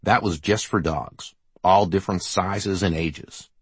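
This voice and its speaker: A male narrator voicing a nervous, slightly defensive entrepreneur pitching his business in an audiobook. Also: unhurried, slightly rough, dry recording. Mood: rehearsed.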